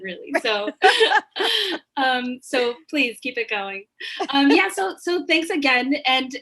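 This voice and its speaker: Bright, enthusiastic woman interviewer. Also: high voice, low-quality recording. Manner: enthusiastic, effusive, halting restarts. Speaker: interviewer host.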